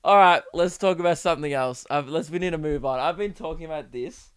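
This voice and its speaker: A young man hosting a comedy podcast, riffing in a profane, laughing, animated way. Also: on the high side, fairly quick, clean tone, no echo, studio quality. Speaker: podcast host. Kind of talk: solo comedy podcast rant.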